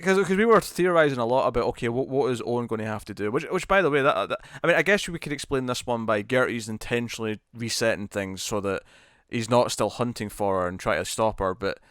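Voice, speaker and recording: A man co-hosting a casual review chat, animated, with many quick restarts and repeated words. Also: medium pitch, clean tone, no echo, studio quality. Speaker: podcast co-host.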